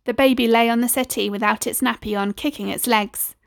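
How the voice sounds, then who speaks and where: A woman's voice: on the high side, steady tone, fairly quick, creaky, no echo. Woman reading a children's story. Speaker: storybook reader.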